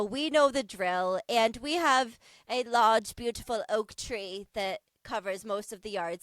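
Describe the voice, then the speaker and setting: High-pitched, smooth-voiced animated woman. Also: no echo. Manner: animated, laughing, swearing storyteller. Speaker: podcast co-host. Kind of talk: casual chat.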